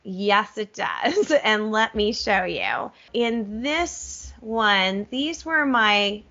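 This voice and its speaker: A middle-aged woman music teacher demonstrating a curriculum in an enthusiastic webinar, animated and gushing, with self-aware asides. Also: medium pitch, drawn-out words, creaky, dull audio.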